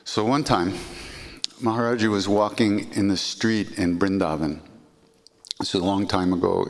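Brief: low-voiced man narrating anecdotes casually, with a long reverb around him. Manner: rambling, warm storytelling with restarts and "you know". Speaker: podcast host, storyteller. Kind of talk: casual spoken storytelling.

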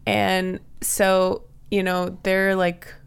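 A woman's voice: mid-range voice, completely flat delivery, extremely slow, gravelly, smooth. A woman co-hosting a podcast, casually improvising a story with lots of fillers. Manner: casual, chatty, many fillers.

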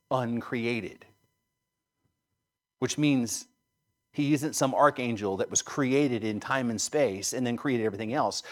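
A man preaching a sermon, emphatic, building to loud stresses and then dropping low. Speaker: pastor.

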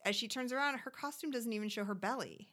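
Bright-voiced woman chatting sarcastically. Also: on the high side, fast talker. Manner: chatty, sarcastic, acts out quotes in squealy voices. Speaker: podcast co-host recapping a reality show. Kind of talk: casual chat.

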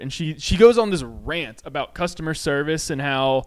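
Smooth-voiced man telling profane stories. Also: fairly high pitch, brisk. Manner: profane, animated anecdote-telling with many fillers. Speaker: podcast co-host. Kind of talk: casual storytelling. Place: home studio.

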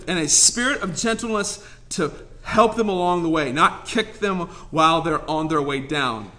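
A man's voice: on the high side, moderate pace, few pauses, bright, forceful tone. A young man preaching a sermon in a passionate, conversational way, joking with the room and repeating points for emphasis. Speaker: pastor.

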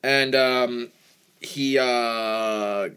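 Halting deadpan young man, bright tone. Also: medium pitch, smooth. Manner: halting, many ums and uhs, deadpan. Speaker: podcast co-host. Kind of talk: casual podcast chat.

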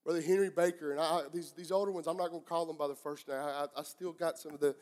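A man's voice: on the high side, steady tone, fast, darkish tone. A middle-aged man from the southeastern United States with a Southern accent, preaching a sermon in a church. He talks earnestly, often restarts his sentences and keeps asking the congregation questions. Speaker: pastor. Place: church sanctuary. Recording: long church-hall reverb.

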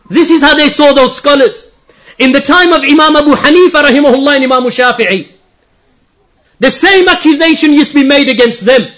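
A man's voice: extremely high pitch, fairly quick, fairly bright tone. A man preaching an impassioned religious sermon, often acting out the words of others in a mocking way. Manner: impassioned, quotes opponents mockingly. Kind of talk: Islamic sermon.

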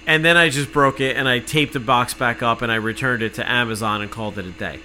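A man telling an exasperated, profane story in casual podcast chat, cursing freely and working himself up to shouting. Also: mid-range voice, a little fast, slight background noise, poor audio.

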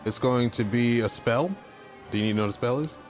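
Man, tabletop player, hesitant, lots of fillers, mid pitch, faint music. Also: quick pace. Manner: hesitant, many fillers, explaining his character's moves. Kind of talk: casual tabletop play.

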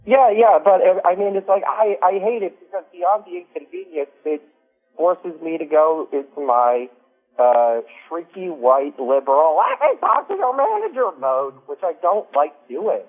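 A man's voice: on the high side, unhurried. A man calling in to a radio show, speaking hesitantly and filling his sentences with ums and uhs. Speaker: caller. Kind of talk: casual call-in chat. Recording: tinny phone line with faint music.

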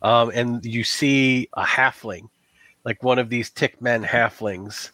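A man's voice: medium pitch, fairly even intonation, slow pace, bright, forceful tone, no room sound. A man narrating a tabletop game as game master in a casual, rambling way, with lots of "like" and "um.".

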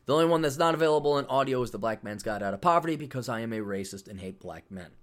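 A man's voice: mid-range voice, expressive, fast talker. Middle-aged male podcast host, brash and sarcastic, profane casual monologue. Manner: brash, sarcastic, profane, plugging his own books.

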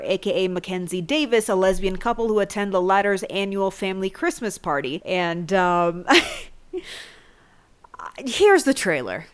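A woman's voice: mid-range voice, clean tone. A woman hosting an entertainment news commentary, campy and dramatic, calling everyone honey. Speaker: host.

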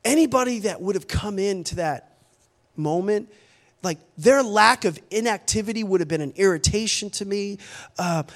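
A middle-aged male pastor preaching a sermon, telling a personal story with animated delivery and acting out his own calls. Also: high-pitched.

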